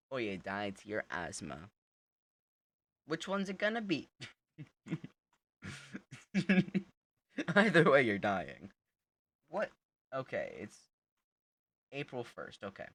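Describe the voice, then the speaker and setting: A young man narrating his horror game run in an easygoing, teasing way, often laughing at the monster. He speaks slowly, with a lively voice that jumps up and down in pitch. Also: no room sound. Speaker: gamer playing a horror game. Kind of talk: casual let's-play commentary.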